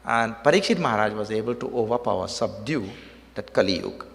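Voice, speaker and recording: At a quick pace, a man with a fairly bright voice on the low side preaches a devotional sermon in a temple hall. The recording has long hall reverb, and he tells a story using rhetorical questions and repetition for emphasis.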